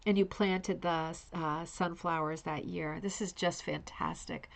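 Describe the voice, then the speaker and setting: A woman's voice: lowish voice, steady tone, a little slow, vocal fry. Effusive woman hosting a livestream. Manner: effusive, admiring, addresses viewers by name. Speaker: host of a live online show. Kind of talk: casual livestream commentary.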